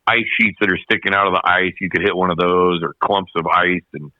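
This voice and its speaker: A man with a lowish voice tells a long, animated story over a podcast mic, loose and slangy, often doubling back on his own words. The sound is dull and dry, with no room around it. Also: a little fast, no echo. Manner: animated, slangy, repeats himself. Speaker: podcast guest, snowmobile racer. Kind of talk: casual storytelling.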